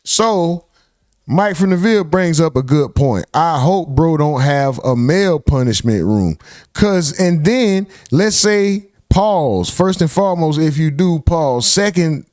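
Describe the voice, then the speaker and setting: A man's voice: fairly high pitch, lively intonation, a little slow, a little mellow, dry recording, clean studio sound. A young man hosting a live reaction stream, reacting in disbelief, swearing and reading chat comments aloud.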